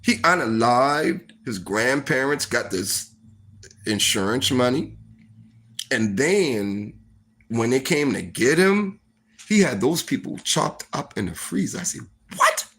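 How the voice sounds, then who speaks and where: A man telling a story in a casual monologue, profane and animated, full of fillers like "like" and "you know.". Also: mid-range voice, slow. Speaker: storytime vlogger.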